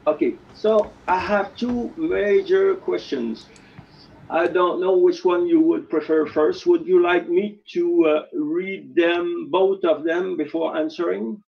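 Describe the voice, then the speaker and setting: A man with a Quebec French accent asks his questions in careful, deliberate English, a little higher than most men. He speaks slowly, and the audio is dull and lo-fi, like an online call. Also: gravelly. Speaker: caller asking questions.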